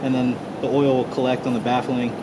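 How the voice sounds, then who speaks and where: A man's voice: mid-range voice, level tone, fairly quick, background noise. A man working as a mechanic, explaining plainly in a shop.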